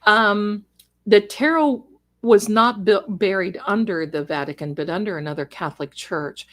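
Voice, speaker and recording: A woman's voice: medium pitch, normal speed. A middle-aged woman who grew up in Germany, chatting casually and rambling as she answers viewers during a livestream. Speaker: livestream host.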